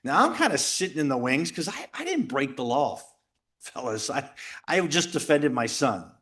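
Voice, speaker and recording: A middle-aged man tells a story at a men's retreat, joking with the room and acting out other people's lines. His voice sits a little high and swings widely in pitch. He keeps the telling animated throughout. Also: normal speed. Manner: animated, jokey, acts out quoted voices and shouts. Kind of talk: lively storytelling talk. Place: retreat house talk before a live audience.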